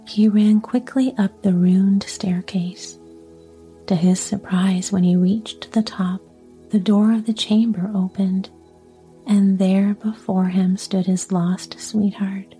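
A woman reading a fairy tale aloud in a soft, calm whisper. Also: mid-range voice, unhurried, soft background music. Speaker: storyteller. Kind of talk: whispered storytelling.

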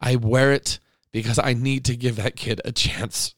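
A man's voice: mid-range voice, fairly even intonation, moderate pace, a bit bright, dry recording, studio quality. A middle-aged man hosting a podcast, talking in an impassioned monologue that is indignant, emotional and pleading. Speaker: podcast host.

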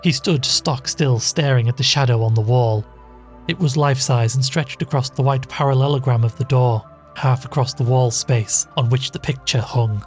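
A man's voice: medium pitch, darkish tone. Man reading a ghost story. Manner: measured, voicing each character. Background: faint music.

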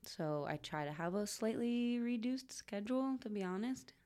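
A woman's voice: medium pitch, expressive, normal speed, warm tone, smooth. A woman in her forties from Connecticut, chatting casually as an interview guest, laughing often and trailing off with lots of fillers. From Connecticut, USA. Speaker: guest, fermented foods producer.

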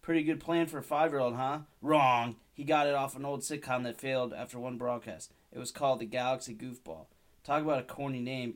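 A man's voice: mid-range voice, vocal fry. Wry man in his thirties reading aloud. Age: 30s. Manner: wry, self-mocking asides. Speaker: podcast host. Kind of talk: reading his childhood story aloud with asides.

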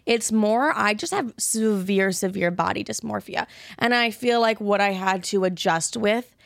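A woman's voice: mid-range voice, measured pace, gravelly, no room sound, clean studio sound. A woman in her twenties chatting candidly as a podcast host, blunt and rambling, swearing freely. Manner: blunt, swears freely, rambling self-talk with loud asides. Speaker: podcast host answering listener questions. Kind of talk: casual candid chat.

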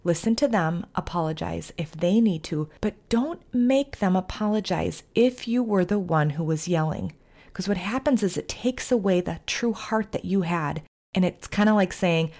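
A middle-aged woman hosting a podcast, giving calm, earnest, faith-based parenting advice in an instructive way. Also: on the low side, normal speed. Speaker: podcast host, family therapist.

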